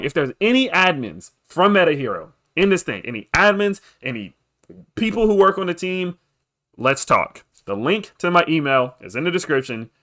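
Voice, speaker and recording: Young guy live streaming crypto stuff, kinda high voice, bouncing all over, hyping chat for likes. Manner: hyped, pushy about likes, shout-outs. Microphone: desk microphone.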